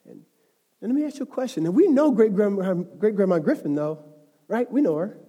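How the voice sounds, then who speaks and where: High-voiced man preaching in a big echoing hall. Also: animated, a little fast, warm tone, slightly rough. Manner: conversational, rising to emphatic passion. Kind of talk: sermon. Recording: long hall reverb.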